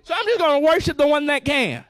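A man's voice: very high voice, lively intonation, quick pace, fairly bright tone, dry recording. A male pastor preaching a fervent sermon, repeating phrases and calling out to the congregation.

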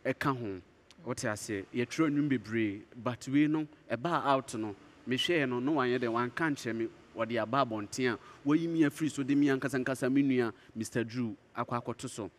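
A man's voice: mid-range voice, moderate pace. A man with a Ghanaian accent, a musician giving interview answers and earnestly explaining himself.

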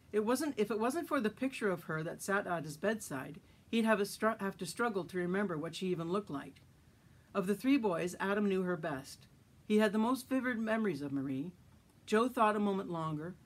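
Woman reading her own story aloud. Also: on the low side.

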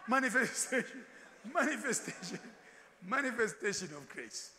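A man preaches with a high, lively voice that swings widely in pitch. His tone is bright and forceful. The long echo of a large church hall trails behind his words. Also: normal speed. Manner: animated, switching into Ndebele asides and acted quotes. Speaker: pastor. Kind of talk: sermon.

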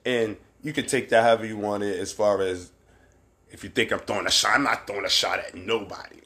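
A man with a Barbadian accent hosting a livestream show, talking candidly and with plenty of profanity, rambling between points and shouting out viewers by name. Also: fairly low pitch, fairly even intonation, a little fast. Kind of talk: casual live-stream commentary.

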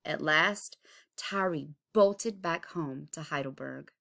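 A woman's voice: sits low, slow, creaky, sharp tone. A woman, an art teacher, reading a picture book aloud expressively, chanting its rhyming refrains. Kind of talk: storybook read-aloud.

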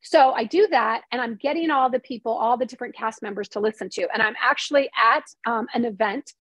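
A woman with a fairly high voice tells stories in a casual interview, animated and quick, often restarting her sentences. The sound is dry and close. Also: no echo, low-quality recording. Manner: animated, fast storytelling with many restarts. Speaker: screenwriter and novelist guest.

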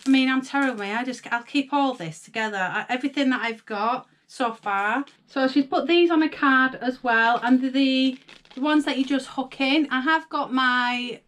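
Brief: young Northern English woman vlogger, gushing and excitable, a touch higher in pitch. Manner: gushing, excitable, gasps and chatters to viewers. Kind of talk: casual unboxing chat.

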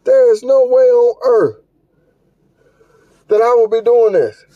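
A man's voice: extremely high pitch, takes it slowly, dark tone, no echo, lo-fi sound. A middle-aged man hosting a podcast, giving blunt, profane, scolding commentary as he reacts to a video. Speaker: podcast host.

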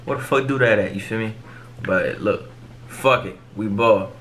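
A man's voice: lowish voice, moderate pace, a bit bright, a little hiss or hum. A young man hosting a music reaction video, talking in casual, profane street slang and cutting in over the song.

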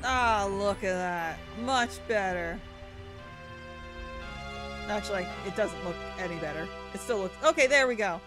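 A woman's voice: medium pitch, expressive, a little slow, pauses often. A woman giving casual, joking let's-play commentary over a video game, swearing freely. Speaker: gaming commentator. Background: video game music.

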